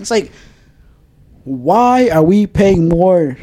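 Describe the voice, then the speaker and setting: A man's voice: a little high, big pitch swings, measured pace, a little mellow, slight background noise. A man hosting a casual podcast chat, ranting profanely and laughing often.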